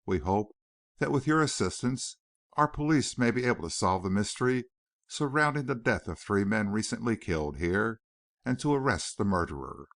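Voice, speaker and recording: A wry, articulate newspaperman who speaks up for his colleagues, read by a man in an audiobook. The low voice moves lively up and down. It is recorded close and dry. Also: normal speed, no room sound. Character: wry male newspaper reporter.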